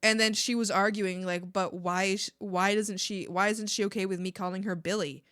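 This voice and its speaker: A young woman chatting casually while streaming her art, animated, swearing freely and laughing often. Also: medium pitch, fairly quick, smooth, dry recording, clean studio sound. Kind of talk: casual chat while drawing.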